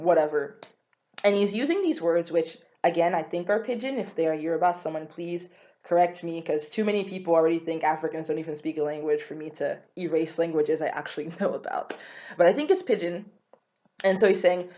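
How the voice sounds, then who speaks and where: A young woman speaks in a relaxed vlog. Her voice sits a bit low. She is chatty and rambling, with frequent fillers and quick self-corrections as she explains. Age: young adult. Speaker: vlogger.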